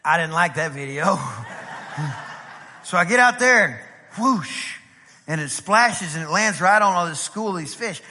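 A man's voice: high-pitched, moderate pace. A man from East Texas with an East Texas accent, a pastor preaching a storytelling sermon and acting out the dialogue. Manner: animated, acts out dialogue in the story. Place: church sanctuary. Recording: reverberant church hall.

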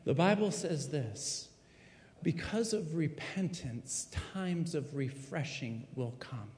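A man preaching a sermon in a full church sanctuary, swinging dramatically from hushed tones to shouting. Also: on the high side, animated, slow. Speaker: pastor. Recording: echoey hall reverb.

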